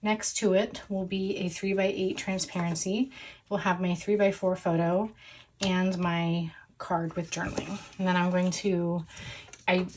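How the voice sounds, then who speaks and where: A woman's voice: lowish voice, slight background noise. A woman casually talking through her scrapbook plan, chatty and full of little self-corrections, recorded at home at a crafting table. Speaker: scrapbooking vlogger.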